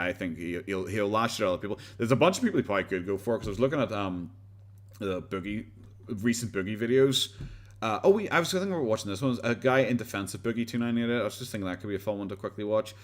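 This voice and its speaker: An Irish man hosting a casual commentary livestream, rambling sarcastically with frequent stumbles and restarts. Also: on the low side. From Ireland. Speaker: livestream host.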